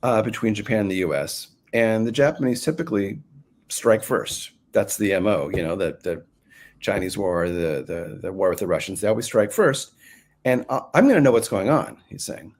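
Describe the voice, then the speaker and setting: A man's voice: fairly low pitch, lively intonation, normal speed. A man answering interview questions in a casual, rambling way, full of fillers and restarts. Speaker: guest author.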